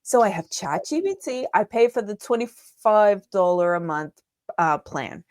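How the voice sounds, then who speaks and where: A woman's voice: medium pitch, animated, takes it slowly, a little mellow, dry recording. Woman guest walking through how she works, keen and chatty, dry sound. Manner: enthusiastic, explaining step by step. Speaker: guest, digital marketing strategist. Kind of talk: conversational interview answers.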